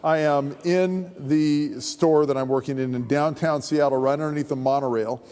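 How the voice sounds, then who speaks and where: Animated man telling a story from the pulpit. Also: fairly high pitch, moderate pace. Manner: animated storyteller who acts out voices. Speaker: pastor. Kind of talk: sermon testimony. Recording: long reverb of a large hall.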